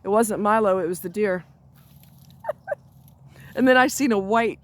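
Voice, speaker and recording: A woman's voice: mid-range voice, unhurried. A woman telling a story in casual chat, blunt and salty with frequent asides, recorded outdoors near a road while walking her dog. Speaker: vlogger.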